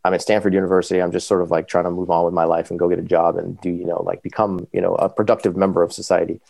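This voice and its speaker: Male podcast guest, deep rough voice, rapid casual storytelling, dry close sound. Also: dry recording. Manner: animated, quick, full of fillers.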